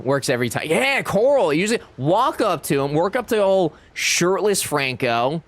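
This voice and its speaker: A man's voice: a little high, huge pitch swings, normal speed, hardly any pauses. A man streaming a game, chatting with his viewers in a playful, teasing way. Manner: playful, teasing, jokey banter. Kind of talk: casual live-stream chat with viewers.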